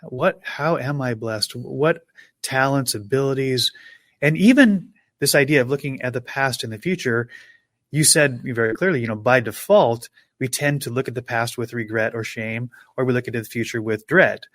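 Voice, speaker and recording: A man's voice: medium pitch, normal speed, fairly bright tone, no room sound. A man co-hosting a motivational podcast, speaking thoughtfully and building on his partner's points. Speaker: podcast co-host.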